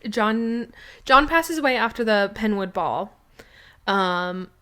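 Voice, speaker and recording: A woman's voice: mid-range voice, animated, slow, bright, forceful tone, smooth. A woman co-hosting a casual podcast chat, gushing and rambling with lots of fillers and restarts. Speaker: podcast co-host.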